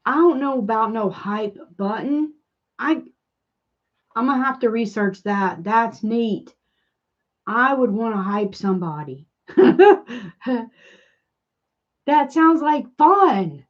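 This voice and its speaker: Southern woman, crafting livestream host, slow rambling chat with viewers, slightly dull lo-fi sound. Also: fairly high pitch, animated. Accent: Southern American. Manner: rambling, chatty, reads and answers live comments.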